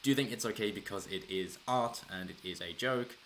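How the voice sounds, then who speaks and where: A political commentary channel host rambles through a casual solo commentary, restarting often and chuckling as he talks. His voice is on the low side, a little fast and fairly bright, with a little hiss or hum present.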